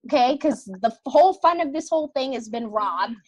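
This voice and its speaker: A woman's voice: high-pitched, a little fast, husky, no room sound, poor audio. A middle-aged woman, a podcast guest, telling a personal story in casual conversation and acting out the dialogue she quotes. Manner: animated, acts out quoted dialogue.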